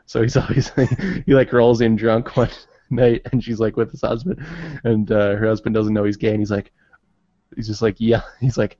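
Low-voiced easygoing man, dry lo-fi sound. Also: level tone, moderate pace, mellow, no echo. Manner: easygoing, swears freely, laughs often. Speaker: podcast co-host. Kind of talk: casual chat about comedy films. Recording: dry, dull lo-fi audio.

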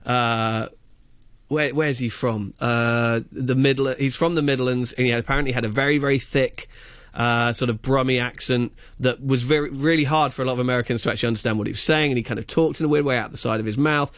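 A man's voice: medium pitch, steady tone, brisk, fairly bright tone, no room sound, studio quality. A man chatting on radio as a film reviewer, enthusiastic and rambling, with many fillers and restarts. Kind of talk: casual radio chat.

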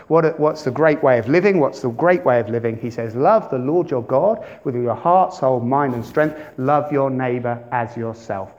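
Male pastor, animated sermon, higher voice, dull lo-fi recording. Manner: animated preaching, big swings in loudness, asks the congregation questions.

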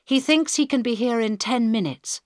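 A woman reading the part of a male aide reporting to the prime minister, brisk and deferential. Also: on the high side, darkish tone, no room sound, clean studio sound, voice pushed up, close to an everyday voice. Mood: anxious.

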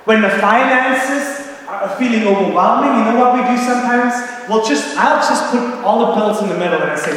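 A male pastor delivers an earnest, personal sermon, slipping into quoted dialogue to make his points. His voice sits fairly high. The recording is distant, in a church hall with a long, roomy echo. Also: normal speed, a bit bright. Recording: echoey hall, distant mic.

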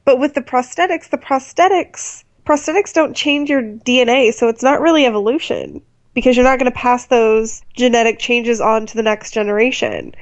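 Opinionated, animated woman podcaster. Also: a little high, lo-fi sound. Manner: animated, opinionated, quick to rant. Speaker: podcast host. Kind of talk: casual chat, TV episode discussion.

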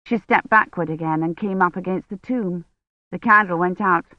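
A woman narrating an audiobook in a measured, tense storytelling manner. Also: on the low side, no echo, lo-fi sound. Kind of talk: scripted narration.

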